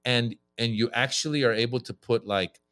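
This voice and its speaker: A man, a guest comedian on a podcast, riffing and joking in casual chat, getting louder and higher when excited. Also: moderate pace, no room sound.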